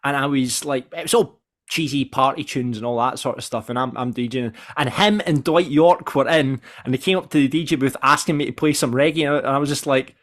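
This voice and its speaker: A Scottish man co-hosting a casual football podcast, talking in a lively, excitable way and laughing easily. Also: mid-range voice, a little fast. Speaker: podcast co-host.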